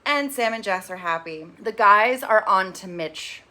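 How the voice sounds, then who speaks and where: A young woman hosts a casual TV recap in a bright, clear voice. She is chatty and sarcastic, and she slips into quick impressions of the people she quotes. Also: mid-range voice, expressive. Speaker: recap host.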